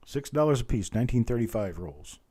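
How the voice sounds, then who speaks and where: Very dark-voiced man calling a live auction. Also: medium pitch, sing-song, husky. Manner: rattles off bid calls fast, chats with viewers by name. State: voice strained from talking.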